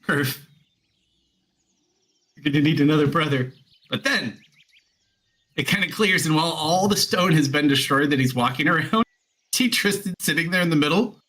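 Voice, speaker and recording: Bright-voiced male dungeon master. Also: fairly high pitch, lively intonation, moderate pace, long pauses. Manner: loose, rambling narration with fillers and laughs. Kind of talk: narrating a tabletop game.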